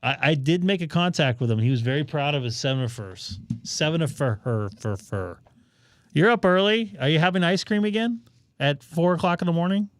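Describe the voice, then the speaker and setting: A man's voice: a little high, brisk. A man hosting a ham radio live stream, chatting casually and joking while he thinks aloud.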